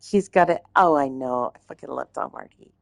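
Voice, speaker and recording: Woman streamer, low pitch, slightly hoarse, loose rambling chat with swearing. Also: fairly quick, dry recording. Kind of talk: casual chat.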